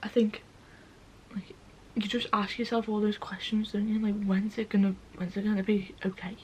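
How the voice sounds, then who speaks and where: A woman's voice: medium pitch, level tone, normal speed, a little hiss or hum, poor audio. A young woman talks candidly to camera, sweary and tearful, often asking "do you know what I mean". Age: young adult. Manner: frank and sweary, with lots of filler questions. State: tearful, voice breaking. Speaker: vlogger. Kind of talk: casual talk to camera.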